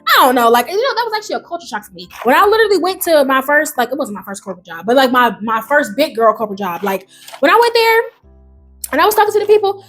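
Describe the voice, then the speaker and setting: Young woman, casual vlog chat, high-pitched, very expressive, cusses, light background music. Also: quick pace. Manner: animated, swears freely, sudden high exclamations. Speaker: vlogger. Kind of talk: casual chat while doing a puzzle.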